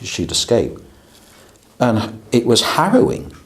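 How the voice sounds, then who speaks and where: A man's voice: medium pitch, huge pitch swings, takes it slowly, creaky. A man, a pastor, teaching a class on preaching in a conversational way, often checking in with his listeners. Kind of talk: lecture to a class.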